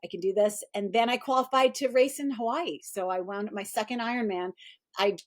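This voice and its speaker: A middle-aged woman, a performance coach, telling her story in a casual interview with animated energy and quoted voices. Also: a little fast. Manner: animated, acts out quoted voices in a high pitch.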